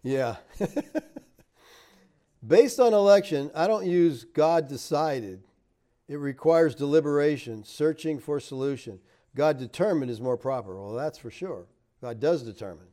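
Middle-aged man, pastor answering viewer comments; relaxed dark timbre, chatty and emphatic. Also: measured pace. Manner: chatty, laughs often, rises emphatic then drops low. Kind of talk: casual live-stream chat reading comments.

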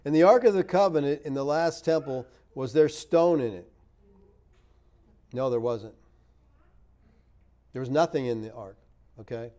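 Middle-aged man, pastor answering viewer comments; relaxed dark timbre, chatty and emphatic. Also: a little slow, pauses often. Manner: chatty, laughs often, rises emphatic then drops low. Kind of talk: casual live-stream chat reading comments.

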